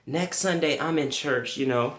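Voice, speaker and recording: Profane animated young man, echoey room. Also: moderate pace, slight background noise. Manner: animated, profane, jumps to high yelps for quoted reactions. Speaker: comedic storyteller. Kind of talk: comic storytelling to camera.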